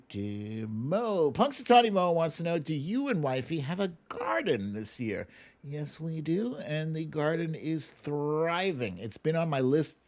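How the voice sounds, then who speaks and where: A man hosts a live stream, chatting casually as he reads out viewer comments and answers each one. His pitch moves a lot, and he fills the gaps with hums and little chuckles. His voice sits in an ordinary middle register. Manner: animated, frequent chuckles and filler hums. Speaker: livestream host.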